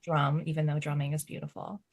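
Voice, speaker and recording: A woman's voice: low voice, flat delivery, brisk, a little mellow. A woman medium on a podcast panel, chatting casually with lots of fillers and laughter. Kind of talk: casual chat.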